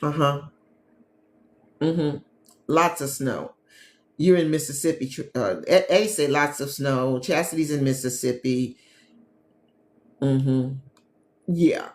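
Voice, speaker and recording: A woman from the American Midwest who hosts a live travel talk show, chatting casually and warmly addressing her viewers as a travel agent and business coach. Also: sits low, takes it slowly, long pauses. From Gary, Indiana, USA. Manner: chatty, animated, talks straight to viewers as "y'all". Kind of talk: casual livestream chat with viewers. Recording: echoey room with faint ambience.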